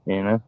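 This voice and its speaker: A man's voice: mid-range voice, no echo. A man in casual chat, rambling about his dogs and filling gaps with "you know". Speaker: dog owner in conversation. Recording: dry, dull lo-fi sound.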